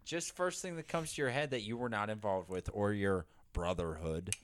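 A man's voice: lowish voice, moderate pace, a little hiss or hum. A man co-hosting a casual podcast chat, teasing and prodding his friends. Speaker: podcast co-host.

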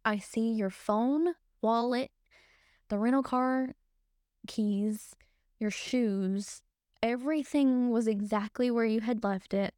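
A woman's voice: a little high, slow pace, warm tone, smooth, dry recording, clean studio sound. A young woman co-hosting a podcast, casually and emotionally retelling a frightening night. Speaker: podcast co-host. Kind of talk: casual storytelling.

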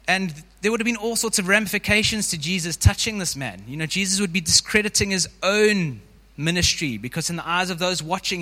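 A man's voice: high voice, pushed and bright, big-room sound. A man preaching a sermon to a congregation in a casual, conversational way, filling his sentences with "you know". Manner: informal, frequent "you know" fillers.

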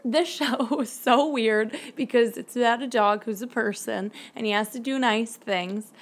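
A woman's voice: a little high, measured pace. A young woman co-hosting a casual podcast, chatty and self-mocking, laughing often and reading show summaries with lots of ums. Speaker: podcast co-host.

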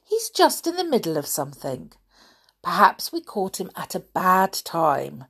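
A woman voicing a kindly male mouse doctor who speaks gently and patiently to reassure a child. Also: lowish voice, huge pitch swings, unhurried, vocal fry, husky, full character voice. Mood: reassuring.

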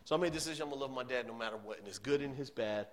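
A man, preaching a sermon as a youth pastor and telling a personal story earnestly, rising to loud emphasis and dropping to hushed tones. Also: mid-range voice, rapid-fire.

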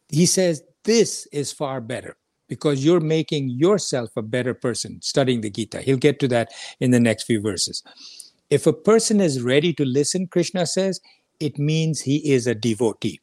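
A man teaches a scripture lesson in a conversational, earnest way, stopping to repeat his main points. His voice sits at an ordinary middle pitch. The sound is dry, with no room echo. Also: expressive, normal speed, darkish tone.

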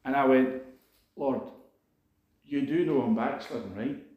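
A man's voice: medium pitch, a little slow, highs cut off. A man preaching a sermon, telling a personal story in an earnest, conversational way full of asides. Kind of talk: sermon testimony. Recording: echoey room.

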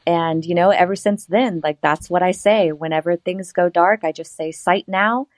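A woman telling a personal story in a casual interview, animated and laughing often. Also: normal speed, no room sound. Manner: animated, laughs often, quotes herself in a higher voice. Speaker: interview guest.

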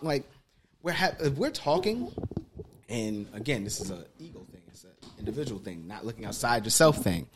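A man's voice: fairly low pitch, brisk. A man talking bluntly and animatedly in a casual podcast chat, swearing freely. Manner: blunt and profane, animated storytelling. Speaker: podcast guest.

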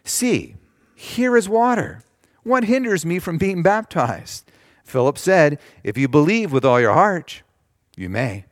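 A man preaching a sermon, reading scripture slowly with emphasis and explaining it in simple terms. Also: a little high, sing-song, no echo, clean studio sound. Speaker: pastor.

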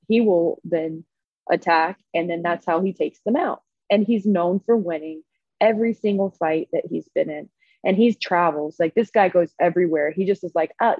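Woman telling a story, animated and profane. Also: fairly low pitch, breathy edge, no room sound, highs cut off. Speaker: podcast co-host. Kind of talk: casual storytelling chat.

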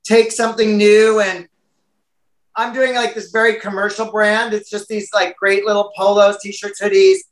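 Brief: American man, chatty interview guest, high and bright, roomy echo. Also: moderate pace. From United States. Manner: chatty and animated, many fillers. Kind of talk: casual interview chat.

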